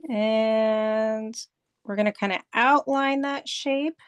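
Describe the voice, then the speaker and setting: A woman's voice: a little high, fairly even intonation, takes it slowly, clean tone, dry recording, dull audio. A woman art instructor leading a step-by-step drawing lesson, patiently walking through and repeating each step. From United States.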